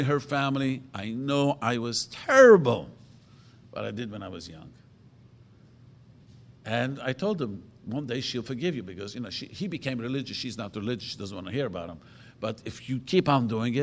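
Rambling rabbi in a reverberant hall. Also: male voice, mid-range voice. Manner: rambling storyteller, self-correcting, earnest. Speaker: rabbi answering questions. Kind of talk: informal Torah talk with audience questions.

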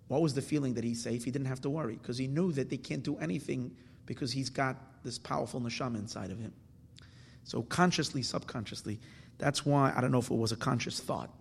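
A man's voice: medium pitch, breathy edge, big-room sound. A man giving a Torah class, explaining verses and asking and answering his own questions, with Hebrew terms mixed into his English. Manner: mixes Hebrew terms into English, with restarts and fillers. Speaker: Torah teacher.

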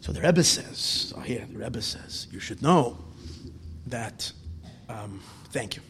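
A male religious teacher giving a sermon-style lecture, dramatic, swinging from loud exclamations to hushed whispers and repeating words. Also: medium pitch, lively intonation, slow pace, slight background noise. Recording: long hall reverb.

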